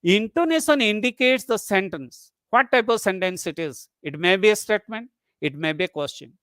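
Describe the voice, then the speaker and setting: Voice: medium pitch, lively intonation, normal speed, fairly bright tone, dry recording. Methodical webinar lecturer in a dry recording. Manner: methodical, explains step by step with repeated definitions. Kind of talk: academic lecture on phonetics. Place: online webinar.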